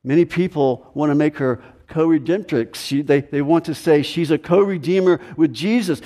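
A man's voice: a little high, normal speed, few pauses, mellow. Emphatic preaching man in a hall. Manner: emphatic preaching, repeats key phrases. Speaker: pastor. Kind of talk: sermon. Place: church sanctuary. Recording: echoey hall with long reverb.

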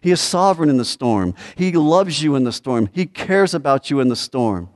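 A male pastor preaching a conversational sermon to his congregation, asking the room rhetorical questions and acting out desperate pleas before dropping to quiet, low asides. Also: lively intonation, normal speed. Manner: swings between raised pleading lines and low quiet asides.

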